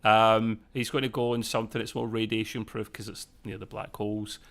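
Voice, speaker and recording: A man's voice: fairly low pitch, flat delivery, a little fast, vocal fry, fairly bright tone. A man co-hosting a casual live discussion, rambling and self-correcting with jokey asides. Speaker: podcast co-host.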